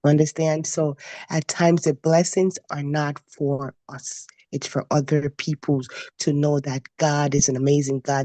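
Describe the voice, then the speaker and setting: A woman sharing a faith-based testimony, telling her story with lively quoted dialogue and repeating phrases for emphasis. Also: low-pitched, a little slow. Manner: animated storytelling, acting out quoted voices. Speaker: motivational speaker.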